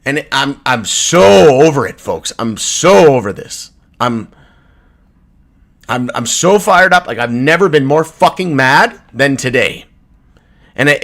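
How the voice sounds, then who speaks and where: A man with a Canadian accent rants into his livestream, swearing hard. His pitch jumps high and falls away in wild swings. The voice sits a little high for a man. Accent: Canadian English. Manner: furious, profane, swinging from shouting to low mutters. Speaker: crypto livestream host. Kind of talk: angry livestream rant.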